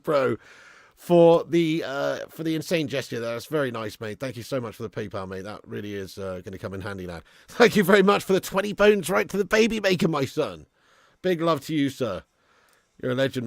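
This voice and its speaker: A young man hosting a live football stream, bursting into loud hype and then falling to low mutters. His voice sits fairly high with a gravelly, fry-laden edge. The sound is close and dry, with no room around it. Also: dry recording. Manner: excitable, banter-heavy, swings from loud hype to low mutters. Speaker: football watch-along streamer.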